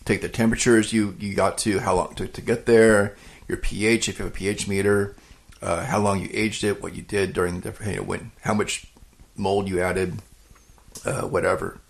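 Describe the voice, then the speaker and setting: Gravelly-voiced man in casual chat. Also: sits low, flat delivery. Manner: halting, many restarts, laughs easily. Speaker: podcast co-host, home cheesemaker.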